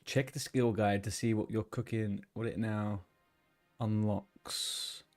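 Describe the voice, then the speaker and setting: A man's voice: on the low side, fairly even intonation, slow pace, a little mellow, faint music behind. A man streaming a game, chatting casually and rambling between tasks, swearing now and then. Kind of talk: casual gaming chat.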